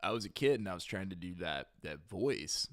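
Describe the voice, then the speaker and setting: A man's voice: sits low, animated, moderate pace, dry recording, clean studio sound. A young man hosting a livestream in casual chat, rambling, trailing off and correcting himself as he remembers. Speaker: livestream host.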